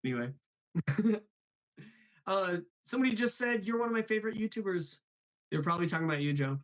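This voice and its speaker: A man's voice: high-pitched, lively intonation, fairly quick, a bit bright, low-quality recording. A man hosting a live stream, chatting upbeat and reading viewer comments aloud. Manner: upbeat, laughs often, reads chat aloud. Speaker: host.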